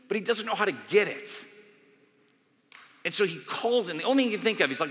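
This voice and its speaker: A male pastor giving a sermon in a conversational, animated storytelling way, in a church sanctuary. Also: sits high, fast, pauses often. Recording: long hall reverb.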